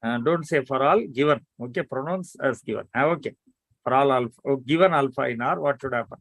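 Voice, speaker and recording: A man teaching an online math lecture, prodding students to answer quickly. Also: mid-range voice, a bit bright, dry recording. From India.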